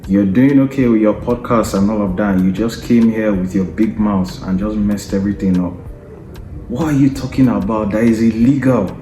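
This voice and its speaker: A man's voice: on the low side, moderate pace, mellow, echoey room, a little hiss or hum. A man hosting a football podcast, delivering an opinionated, taunting rant and often adding "yeah?" and "you understand?" to press his point. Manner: taunting, combative, repeats tag questions like "yeah?" and "you understand?".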